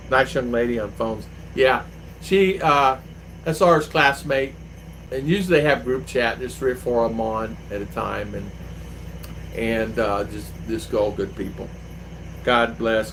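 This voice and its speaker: A man's voice: medium pitch, gravelly, a bit bright, a little hiss or hum, poor audio. An older man hosting a livestream, chatting in a rambling, storytelling way. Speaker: livestream host. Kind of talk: casual livestream chat.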